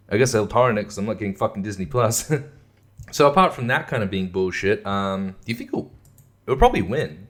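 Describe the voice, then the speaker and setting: A young man with a fairly low voice rants about movies, swearing freely and breaking into laughs. His talk is loose and sarcastic, the casual style of a podcast host. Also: animated, brisk. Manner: profane, sarcastic, laughs often. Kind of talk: casual rant.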